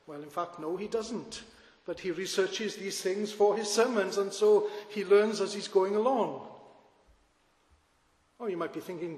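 A man's voice: high-pitched, measured pace, darkish tone. A man preaching a sermon as pastor, earnest and full of rhetorical questions to his congregation. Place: church. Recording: echoey church with long reverb.

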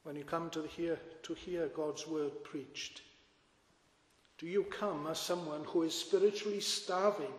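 A man's voice: fairly high pitch, steady tone, measured pace. A man preaching a sermon as pastor, earnest and full of rhetorical questions to his congregation. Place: church. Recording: echoey church with long reverb.

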